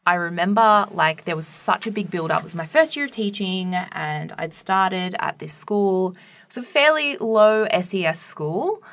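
A woman's voice: mid-range voice, lively intonation, normal speed, a bit bright. A young adult woman co-hosting a podcast, telling a teaching story in a casual, chatty way full of "like" and "right?".

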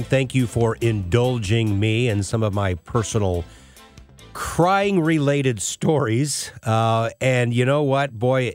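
A man's voice: on the low side, no echo. A middle-aged man hosting a show, telling a personal story in an emotional, tearful way. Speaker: host.

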